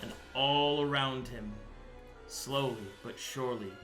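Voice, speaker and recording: A man narrating a tabletop game as game master, describing the scene slowly and dramatically. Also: medium pitch, a bit bright, faint music behind.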